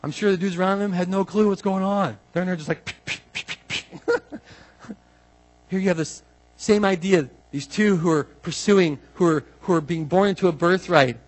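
A man preaching a casual, animated sermon, acting out the people in the story and swinging from quiet asides to loud exclamations. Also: high voice, brisk, low-quality recording. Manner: animated, swings from soft asides to loud bursts, acts out quotes. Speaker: pastor.

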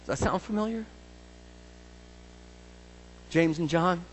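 A man preaches a dramatic sermon, swinging from hushed, intimate lines to sudden shouts as he acts out the voices in the scripture. His voice sits a little high for a man. A faint hum runs underneath the recording. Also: brisk, poor audio.

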